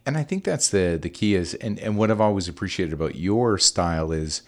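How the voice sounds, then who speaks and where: Brief: low-pitched middle-aged man, podcast host, loose and friendly, hesitant delivery. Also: expressive, fairly quick. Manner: rambling, friendly, lots of hesitations. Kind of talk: casual interview.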